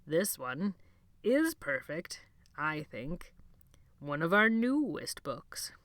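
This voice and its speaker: A frail, gentle old librarian, as a woman reader puts him on, talking in a hoarse near-whisper. His words come slow and halting, drifting dreamily from phrase to phrase, as in a spoken storybook. The sound is close and dry. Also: low voice, very animated, dry recording, full character voice. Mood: mild.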